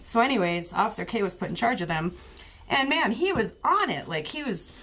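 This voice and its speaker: A woman's voice: mid-range voice, big pitch swings, brisk, fairly bright tone. A woman chatting casually as a co-host and spinning a story full of swearing and dry sarcasm. She laughs often and jumps into other people's voices as she tells it. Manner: profane, sarcastic. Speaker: podcast co-host.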